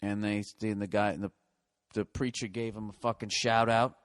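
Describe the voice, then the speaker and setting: A man's voice: fairly low pitch, level tone, moderate pace. A male comedian in a profane, exasperated comedic rant.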